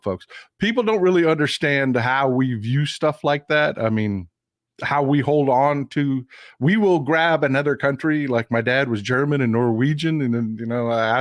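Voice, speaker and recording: A man's voice: a little high, no echo, studio quality. A man hosting a live stream, chatting casually with viewers, laughing often and reading their comments aloud. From United States.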